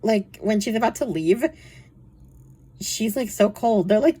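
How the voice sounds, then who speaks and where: A woman's voice: on the high side, normal speed, long pauses, mellow, husky. A young woman reviewing books in a casual, chatty way, full of fillers and frequent laughter. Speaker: book reviewer. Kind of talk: casual chat.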